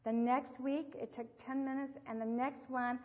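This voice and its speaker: An older woman with a fairly high voice teaches about parenting, telling stories with lively acted quotes. The recording is muffled, and her voice rings out in an echoey hall. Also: moderate pace. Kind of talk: devotional teaching talk.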